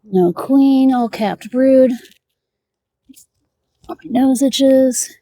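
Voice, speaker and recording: A woman with a high but dark-toned voice speaks very slowly, pausing often, as she casually narrates her outdoor hive inspection. She mutters asides to herself and talks to the bees.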